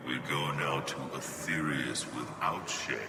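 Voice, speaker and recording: A solemn ghost of an ancient warrior, speaking in a very deep voice at a slow, heavy pace. He sounds grave and formal, like a spirit taking leave in a video game. A loud ambient drone from the game fills the background. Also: heavy background noise.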